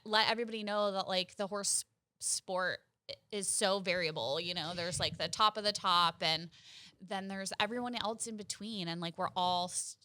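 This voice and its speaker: Bright, earnest young woman. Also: mid-range voice, fairly even intonation, normal speed, no room sound. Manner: earnest, gushing, filler-heavy with "like" and "you know". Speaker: podcast co-host. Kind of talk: casual chat.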